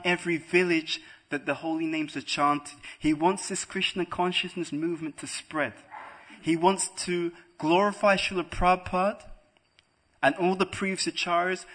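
A man with a somewhat high, husky voice delivers a devotional lecture to listeners in a room. He argues point by point and keeps checking in with a quick "right?" after his claims. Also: sharp tone. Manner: rhetorical, keeps asking "right?". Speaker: spiritual lecturer. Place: room with a live audience.

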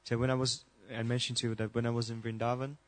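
A man's voice: medium pitch, quick pace, no room sound. A man in the audience asking a long question at a temple class, listing points one after another. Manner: listing points in a steady, even tone. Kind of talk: question from the floor.

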